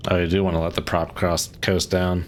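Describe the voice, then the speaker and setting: A young man with a very low voice talks loosely over his game stream, thinking out loud and trailing off mid-thought. He laughs often and leans on filler words. Faint noise sits under his mic. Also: little pitch movement, fairly quick. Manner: rambling, musing aloud with frequent likes and laughs. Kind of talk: casual gameplay commentary.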